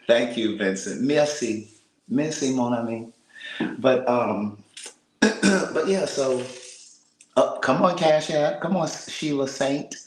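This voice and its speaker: An American man with a mid-range voice chats with his livestream viewers, keeping his voice low and half-whispered, laughing, greeting people by name. The room is roomy and echoey, like a small apartment picked up on a phone. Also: slow, pauses often. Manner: talking softly and half-whispering to keep quiet; animated, laughing, reading out viewer comments. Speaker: vlogger on a livestream. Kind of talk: casual chat with live viewers.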